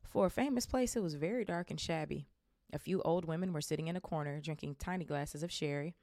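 A woman's voice: deep voice, brisk, darkish tone, no echo, clean studio sound. A woman hosting a podcast, reading a novel aloud with casual, amused asides. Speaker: podcast host.

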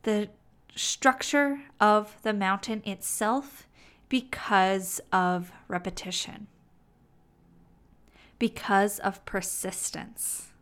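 A woman teaching self-help in a slow, deliberate way, with playful asides. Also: medium pitch, fairly even intonation, fairly bright tone. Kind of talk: motivational teaching monologue.

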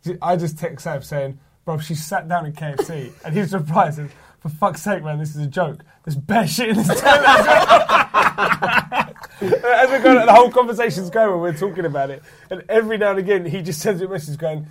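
A man's voice: fairly high pitch, brisk, few pauses, slight background noise. A young man recounting a night out, reading old texts aloud and laughing as he goes. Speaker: podcast co-host. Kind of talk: storytelling banter.

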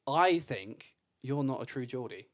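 A man's voice: medium pitch, lively intonation, unhurried. A man co-hosting a casual podcast chat, teasing his friend and swearing freely. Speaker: podcast co-host.

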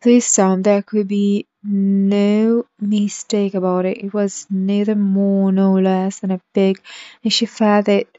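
A woman reads a storybook aloud in a slow, careful and measured way. Her voice is mellow and soft at the edges, close and dry. The recording sounds dull and lo-fi. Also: mid-range voice, little pitch movement, no echo. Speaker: reader.

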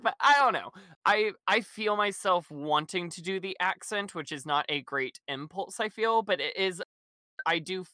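A man's voice: fairly high pitch, sharp tone, no room sound. A man co-hosting a podcast, casually recapping a musical in a rambling way, with frequent laughs and fillers. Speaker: podcast co-host.

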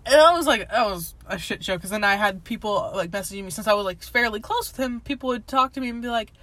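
A woman's voice: medium pitch, fast, a bit bright, no room sound. Chatty young woman, rambling and swearing. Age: young adult. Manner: rambling, heavy filler words, laughs often, swears. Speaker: guest telling a personal story. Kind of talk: casual chat.

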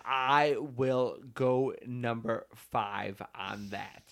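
A man's voice: mid-range voice, extremely slow, creaky. A man co-hosting a podcast, chatting casually in a laid-back, profane, rambling way. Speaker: podcast co-host. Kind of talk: casual chat.

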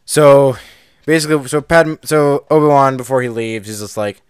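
A man telling a film's plot in a casual podcast chat, bouncing between narration and quick acted quotes. His voice is smooth and clean, and the recording is close and dry, with no room around it. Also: mid-range voice, no room sound. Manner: animated storyteller, acts out quotes, laughs often. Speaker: podcast co-host. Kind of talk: casual chat recapping a film.

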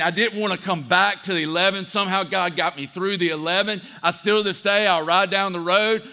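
A pastor preaching a sermon, a man who tells animated stories and acts out the voices of people he quotes. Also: sits high. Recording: church hall reverb.

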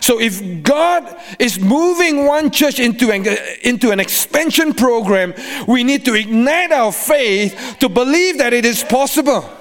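Lively high-voiced male preacher. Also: measured pace, few pauses. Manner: animated preaching, sing-song cadences, laughs often. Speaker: guest preacher. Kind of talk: sermon.

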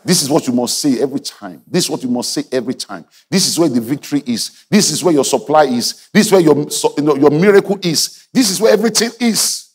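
A man preaching a sermon in a hall, emphatic and repeating his phrases, building up to shouts. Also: a little high, lively intonation, quick pace, hardly any pauses, husky. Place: large hall or convention venue.

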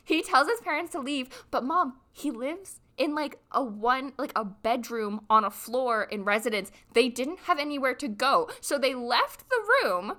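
A young woman in her twenties casually telling a dating story, animated and full of "like", acting out the other people's voices. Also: sits high, normal speed, hardly any pauses. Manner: animated, says "like" constantly, acts out voices.

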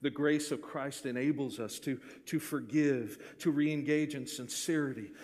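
A male pastor delivering a sermon, swinging between hushed, intimate passages and forceful, rising appeals. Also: mid-range voice, steady tone, unhurried, in a large hall.

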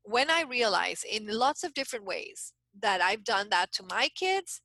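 A woman's voice: on the high side, normal speed, creaky, no room sound, low-quality recording. A middle-aged woman coach telling a story in a casual interview, talking in bursts with frequent restarts. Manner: animated storyteller, many restarts. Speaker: guest coach.

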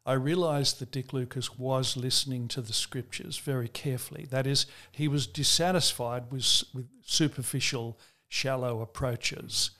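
An earnest man from Australia tells stories and makes his points at a measured pace. He leans on his key words and slows down to stress them. His voice sits at an ordinary middle pitch. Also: steady tone, sharp tone. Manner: measured, earnest storytelling with slow emphatic stresses. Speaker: preacher. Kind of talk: interview answers.

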